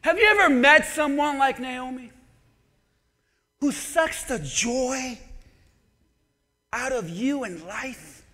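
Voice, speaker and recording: High-voiced preacher in a reverberant church. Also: male voice, takes it slowly, pauses often. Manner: animated, conversational, swings between loud and quiet. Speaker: pastor. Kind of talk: sermon. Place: church sanctuary. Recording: long church hall reverb.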